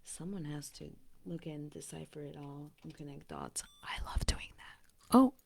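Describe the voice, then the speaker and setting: A woman vlogging in a casual, rambling monologue, often dropping to a breathy whisper and speaking bluntly with profanity. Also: deep voice, fairly even intonation, a little slow, very noisy.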